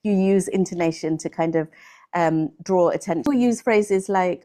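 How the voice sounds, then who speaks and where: A British woman answers questions about speaking English, explaining with everyday examples. Her voice is mellow and warm, and her intonation rises and falls expressively. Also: mid-range voice, expressive, moderate pace. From Britain. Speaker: English teacher. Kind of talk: interview answers.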